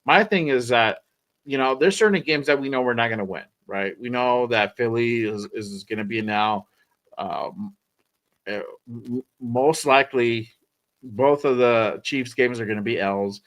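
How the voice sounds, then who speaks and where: Rambling male podcast host, mid-pitched. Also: measured pace, a bit bright. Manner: loose and rambling, swears, repeats himself. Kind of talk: casual sports podcast chat.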